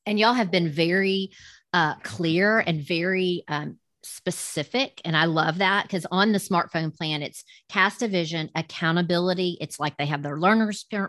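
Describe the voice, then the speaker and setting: A woman's voice: lowish voice, a bit bright, no room sound, clean studio sound. A woman with a Southern accent hosting a podcast, chatty and affirming with many murmurs of agreement. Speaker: podcast host. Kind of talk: casual faith-based podcast interview.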